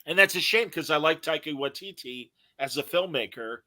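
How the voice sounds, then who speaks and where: Bright-voiced chatty man. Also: a little high, lively intonation, normal speed. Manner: chatty, reads out listener comments. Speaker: podcast host. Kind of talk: casual chat.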